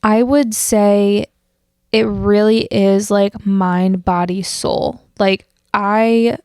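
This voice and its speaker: A young woman hosts a podcast in a loose, rambling way, full of fillers and restarts. Her voice sits at an ordinary pitch. The sound is dry and close, with no room echo. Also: fairly even intonation, extremely slow, a little mellow, smooth. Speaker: podcast host. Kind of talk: casual solo chat.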